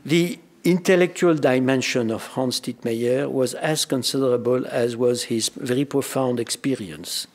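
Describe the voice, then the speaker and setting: An older man with a French accent, a native French speaker, giving a formal commemorative speech in a measured way, telling dry anecdotes with many hesitations. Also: mid-range voice, a little mellow, breathy edge. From France. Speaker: speaker at a memorial colloquium.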